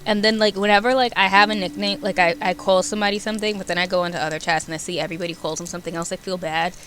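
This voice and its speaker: A young woman streamer chatting casually with her viewers, animated and giggly, rambling between topics. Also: fairly low pitch, very fast, a little hiss or hum.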